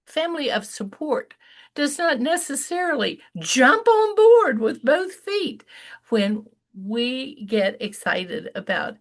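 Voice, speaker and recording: An older woman telling a personal story slowly and deliberately, pausing for effect and going high and loud when she quotes what was said. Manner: slow and deliberate with dramatic pauses; rises high and loud when quoting dialogue. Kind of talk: storytelling talk.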